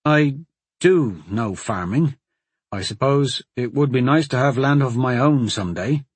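A man's voice: medium pitch, expressive, measured pace, husky, no echo. A man voicing an earnest, hesitant young servant boy in a fantasy audiobook.

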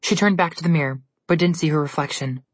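Low, husky woman reading a story. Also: quick pace, no echo. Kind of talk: scripted storybook narration.

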